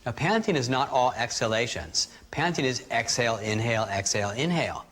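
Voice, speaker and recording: A man teaching a live workshop, calmly guiding a group through breathing exercises and demonstrating them aloud. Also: medium pitch, a little fast. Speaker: energy healing teacher.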